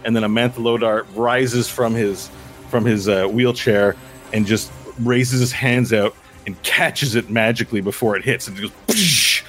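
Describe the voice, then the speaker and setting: A man running a tabletop game as game master, narrating a space battle in an excited, rambling way full of fillers. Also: lowish voice, unhurried, faint music behind.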